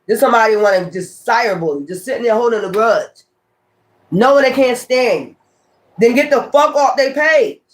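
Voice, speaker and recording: A man's voice: very high voice, expressive, normal speed. A man reading tarot on his own channel, talking off the cuff in a profane, confrontational rant that waves off his critics as weirdos. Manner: profane, confrontational, repeats taunts; dismissive, calls critics weirdos. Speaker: tarot reader.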